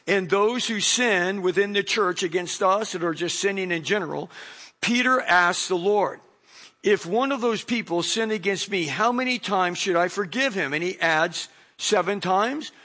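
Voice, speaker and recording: A man's voice: high-pitched, moderate pace. A middle-aged man preaching a sermon as pastor, talking in a loose conversational way and acting out little stories. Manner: conversational, animated storytelling with acted voices.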